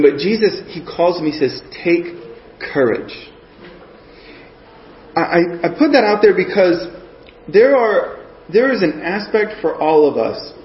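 A man giving a conversational sermon, earnest and often checking in with his listeners. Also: fairly high pitch. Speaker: preacher. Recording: echoey muffled room recording.

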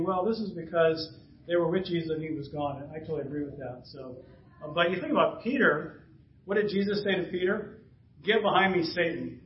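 In a church sanctuary, a fifties-aged pastor with a voice on the high side preaches conversationally, chuckling and acting out exchanges. The recording is roomy, distant and dull, with a little hiss or hum.

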